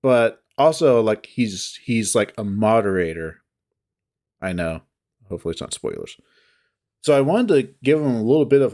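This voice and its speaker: Low-voiced man chatting casually. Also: darkish tone. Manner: rambling, hesitant, self-deprecating. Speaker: visual novel reader and voice actor. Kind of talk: casual chat to viewers.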